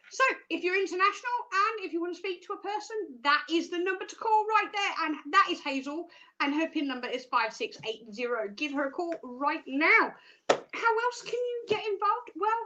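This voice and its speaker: A bubbly young Australian woman hosts a live stream, chatty and full of jokey asides. Her voice is high and bright with a sharp edge. She presents with upbeat energy. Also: muffled recording.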